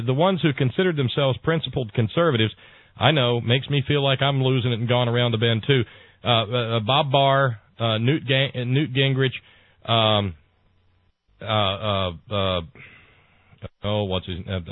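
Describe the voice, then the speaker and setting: Talk radio host, man, mid-pitched, meandering, lots of uhs, dry and tinny sound. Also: normal speed, no echo. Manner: rambling, full of hesitations and repeated words. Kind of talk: political talk radio chat. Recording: dry, tinny phone-like broadcast audio.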